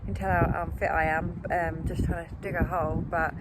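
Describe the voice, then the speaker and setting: A woman's voice: fairly low pitch, level tone, brisk. Chatty woman outdoors with noise. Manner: chatty, self-deprecating, many ums. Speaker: allotment vlogger. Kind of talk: casual chat to camera. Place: outdoor allotment plot. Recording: outdoor camera audio with noise.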